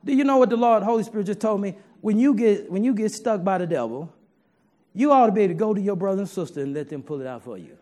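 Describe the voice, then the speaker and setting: A man's voice: high voice, lively intonation, fast, mellow. A man preaching a sermon to his congregation in a folksy, humorous way, talking straight to the listeners.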